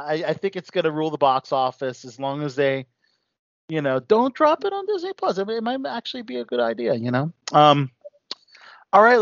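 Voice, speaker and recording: A man hosts a casual chat about new movies, chatty and full of asides. His voice is a little high and moves around a lot. The recording is dry and dull, lo-fi. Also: no room sound. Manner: chatty, many fillers and "you know". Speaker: host. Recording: dull lo-fi sound.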